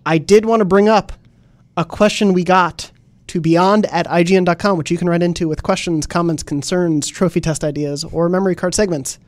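A man hosting a podcast, talking quickly in a fairly high voice and keeping things moving. His voice comes across dry and close to the mic, with no room sound. He sounds upbeat as he reads listener mail. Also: fairly even intonation, no room sound. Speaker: podcast host. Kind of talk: casual podcast chat.

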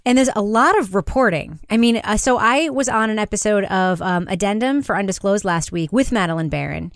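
A woman hosting a podcast discussion, talking in a chatty, quick way and laughing often. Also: medium pitch, expressive, no echo, clean studio sound. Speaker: podcast host.

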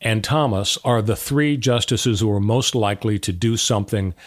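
A man's voice: lowish voice, normal speed. A man co-hosting a legal talk podcast, laying out options step by step with many "uh" fillers. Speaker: podcast co-host, lawyer. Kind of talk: casual legal discussion.

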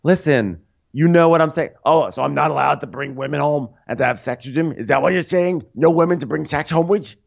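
A man's voice: fairly high pitch, brisk, creaky, dull audio, voice pushed up. A man doing an impression of a crude, self-justifying older man, blustering in a raised voice.

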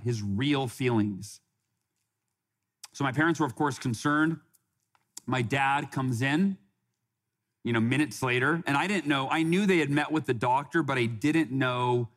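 A man in his forties, a podcast guest, telling a personal story in an earnest way, often restarting and quoting others. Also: mid-range voice. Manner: earnest, with frequent restarts and quoted dialogue.

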